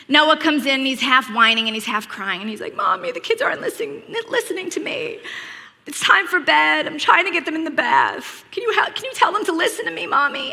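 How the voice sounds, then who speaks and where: A woman preaching with earnest warmth, telling personal stories with a wry sense of humor. Her voice is bright and fairly high. Long reverb from a large hall trails after each phrase. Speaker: speaker.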